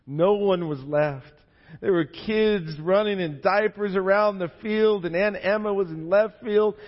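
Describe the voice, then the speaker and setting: A pastor telling a story in his sermon, swinging from hushed near-whispers to excited shouts. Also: on the high side. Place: church sanctuary. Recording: reverberant hall, slightly dull sound.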